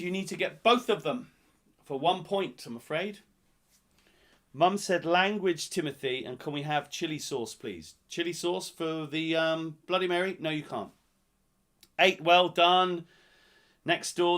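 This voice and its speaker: A man's voice: fairly high pitch, fairly bright tone. A man from England hosting a live-streamed pub quiz, reading out answers and teasing players in a jokey, playful way.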